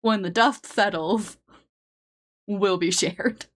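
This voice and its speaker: A woman's voice: mid-range voice, steady tone, slow, a bit bright. A young woman streamer chatting casually while she draws, laughing often and swearing offhandedly.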